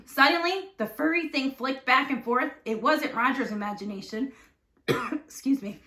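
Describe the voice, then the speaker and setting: A woman teacher reading a storybook aloud with expressive, animated narration. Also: sits high, unhurried, slight background noise. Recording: echoey room.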